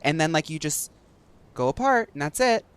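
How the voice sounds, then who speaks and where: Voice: mid-range voice, big pitch swings, moderate pace, smooth. A young adult streamer chatting casually and rambling with lots of fillers while gaming.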